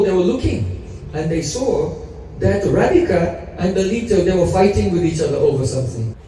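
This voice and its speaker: A man preaching by retelling a sacred story, pausing to quiz his listeners. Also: high-pitched, slight background noise. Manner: animated storyteller, quizzes audience. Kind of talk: storytelling sermon. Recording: echoey hall, mic at a distance.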